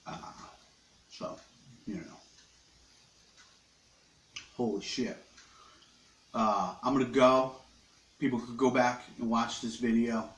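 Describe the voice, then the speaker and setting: A man rambles through a loose, joking live stream from his living room, chewing on snacks between crude wisecracks to his viewers. His voice sits at an ordinary middle pitch, and the sound bounces around an echoey room. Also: fairly even intonation, slow, pauses often. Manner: joking, crude, eating while he talks. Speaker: livestream host. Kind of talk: rambling casual live chat.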